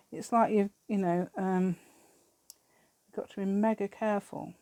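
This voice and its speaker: A woman's voice: medium pitch, steady tone, measured pace, warm tone, no room sound. A British woman hosting a craft channel, chatting through a crafting demonstration and rambling to herself with giggly asides.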